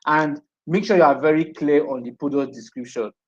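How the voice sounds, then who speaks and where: A man's voice: a little high, fairly quick, breathy edge. A man teaching a live-streamed class, repeating points and checking in with "okay?" after each one. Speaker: online marketing instructor. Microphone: streaming setup. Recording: dull lo-fi stream audio.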